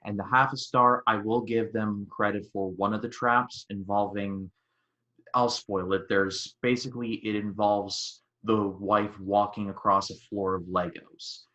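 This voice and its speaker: Excitable young man with a bright voice. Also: lowish voice, measured pace, dull audio. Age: 20s. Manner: excitable, jumps to loud exclaimed outbursts. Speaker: podcast co-host. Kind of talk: casual chat.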